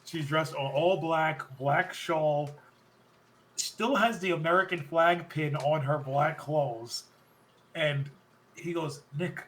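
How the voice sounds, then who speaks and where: A man's voice: on the high side, slow pace. A man hosting a podcast, rambling through a wrestling recap and often correcting himself mid-sentence. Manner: rambling, self-correcting, excited recounting. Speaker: podcast host. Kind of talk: casual wrestling recap chat.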